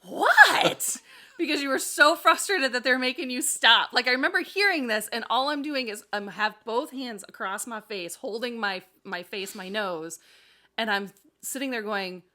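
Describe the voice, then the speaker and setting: A woman's voice: on the high side, moderate pace, bright, forceful tone. A middle-aged woman co-hosting a podcast, telling a story in a casual chat, laughing and acting out quotes. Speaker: podcast co-host. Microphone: table mic.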